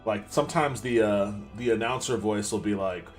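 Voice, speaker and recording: A man's voice: on the low side, moderate pace. A man commenting casually while playing a video game, chatty and self-mocking, swearing and laughing often. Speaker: podcast host. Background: game music.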